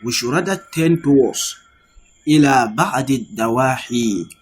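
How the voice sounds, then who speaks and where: A man's voice: medium pitch, animated, fairly quick, husky. A man teaching an online Arabic grammar lesson, reading Arabic sentences and explaining them in English with frequent "okay" checks. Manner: reads Arabic text then translates and explains it in English.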